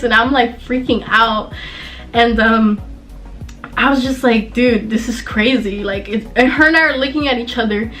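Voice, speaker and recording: A young Southern California woman, a vlogger, tells a personal story in a casual, chatty way packed with fillers. Her voice sits high with a fairly bright tone, and the recording is low quality.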